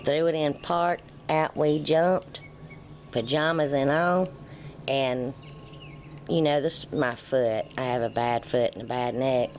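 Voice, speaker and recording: A woman's voice: extremely low pitch, slow, slight background noise. A middle-aged woman, vlogging in a casual storytelling way and acting out the dialogue as she tells it. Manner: animated, acts out quoted dialogue.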